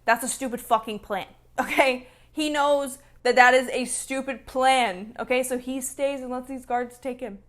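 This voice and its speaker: A woman's voice: high voice, steady tone, normal speed, few pauses. A woman ranting about a book and its film in a casual vlog, emphatic and freely profane. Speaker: book reviewer. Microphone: camera mic.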